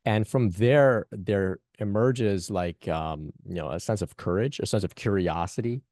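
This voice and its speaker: A man hosting a spiritual group call, talking reflectively and haltingly, often asking "right?" and repeating phrases. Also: fairly low pitch, a little mellow, no room sound.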